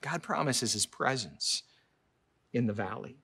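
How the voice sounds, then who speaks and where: A man preaching a sermon as pastor, emphatic, with sudden loud high peaks and soft low asides, repeating words for emphasis. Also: animated, unhurried, breathy edge.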